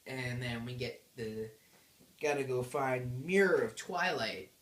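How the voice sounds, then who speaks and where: Bubbly woman gushing through a game recap, low voice, echoey room. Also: a little slow. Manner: bubbly, gushing, jokey retelling. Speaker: game reviewer.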